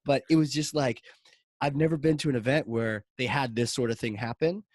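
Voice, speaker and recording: Male podcast host, mid-pitched, chatty and animated, leans on fillers, dry close-miked sound. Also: brisk, dry recording. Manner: rambling, animated, many "like" fillers. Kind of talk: casual storytelling chat.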